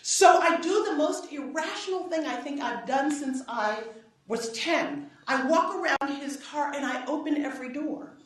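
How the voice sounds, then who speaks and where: A woman's voice: high-pitched, normal speed. Echoey woman telling a story in a lecture. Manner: animated storyteller, acts out quoted dialogue, frequent "right?". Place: lecture hall. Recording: echoey hall, voice from far off.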